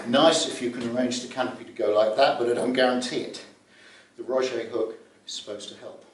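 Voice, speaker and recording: Man speaking in a roomy echo. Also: medium pitch. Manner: vivid, anecdotal, acts out scenes with gestures. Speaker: glider pilot giving a safety briefing. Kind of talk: spoken safety talk to fellow pilots. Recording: echoey room from far off.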